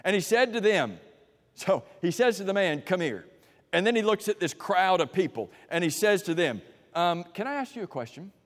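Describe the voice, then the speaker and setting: In a church sanctuary with a long, trailing hall reverb, a man delivers an animated, dramatic sermon at a moderate pace. His fairly high voice rises to forceful climaxes before sinking into hushed asides.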